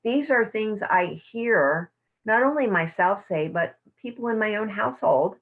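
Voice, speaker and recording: A woman teaching a self-care class, speaking in a soft, slow, affirming way over a video call. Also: mid-range voice, animated. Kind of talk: guided meditation and teaching. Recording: tinny phone-like audio.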